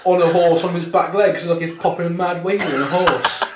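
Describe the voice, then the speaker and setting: A man's voice: sits high, fairly even intonation, fairly quick. A man rambling casually through his film notes and laughing at his own jokes. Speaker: film reviewer. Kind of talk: casual chat. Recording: echoey room on a tablet, hiss.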